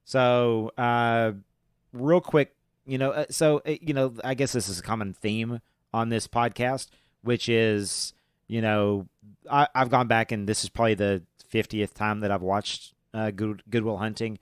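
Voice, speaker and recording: A man hosts a casual movie podcast, his voice low and smooth. He rambles along with plenty of fillers and restarts, recorded dry and close. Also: steady tone, measured pace, dry recording. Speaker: podcast host.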